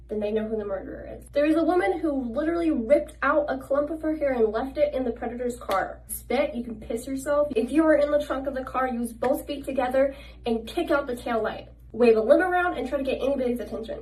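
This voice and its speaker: A woman talks quickly and insistently, her pitch sitting a little high, as she stresses each warning. Her voice is picked up from slightly away from the mic. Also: a little mellow, far from the mic, rough recording. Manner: emphatic and insistent. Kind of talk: urgent talking-to-camera safety advice.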